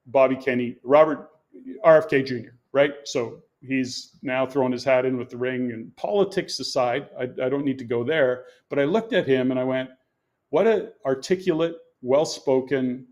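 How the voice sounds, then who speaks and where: As a podcast guest in his sixties, a man explains his coaching through earnest, emphatic stories in a conversational interview. He has a mid-range, slightly mellow voice.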